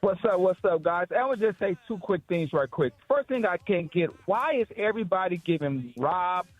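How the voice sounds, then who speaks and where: Insistent caller on a tinny phone line. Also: male voice, high-pitched, expressive, normal speed, no room sound, faint music behind. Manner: insistent, argumentative. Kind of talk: call-in radio talk.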